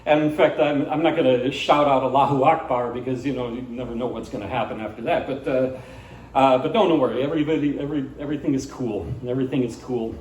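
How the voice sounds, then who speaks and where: A man's voice: medium pitch, steady tone, fast, darkish tone, echoey room, far from the mic, a little hiss or hum, rough recording. A man doing live stand-up at a small cafe, rambling with many fillers and restarts. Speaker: stand-up comedian. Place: small cafe venue, indoors.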